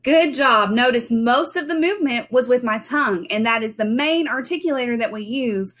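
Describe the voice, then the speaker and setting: A woman giving a children's speech lesson from home, modeling sounds slowly and clearly. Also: on the high side, animated, a bit bright. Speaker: speech teacher.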